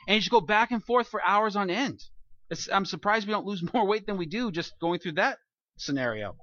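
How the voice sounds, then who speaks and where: A male pastor delivers a sermon in a high, bright voice. He is animated, firing off rhetorical questions and briefly acting out the people he quotes. The sound is dull and dry. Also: brisk, no room sound.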